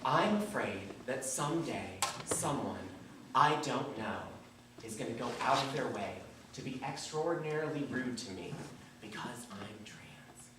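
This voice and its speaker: Animated woman doing stand-up in an echoey room. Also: extremely low pitch, moderate pace. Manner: self-deprecating, animated, lots of put-on voices. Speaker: stand-up comedian. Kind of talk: live stand-up comedy. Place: small live venue. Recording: echoey live room, distant mic, noisy.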